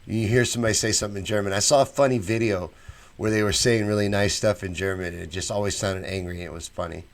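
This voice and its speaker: Male host, chatty, reacts to chat comments, lowish voice. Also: fairly even intonation, fast talker. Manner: chatty, reads viewer comments aloud and reacts with opinions. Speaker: show host reading live chat. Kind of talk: casual live-stream chat.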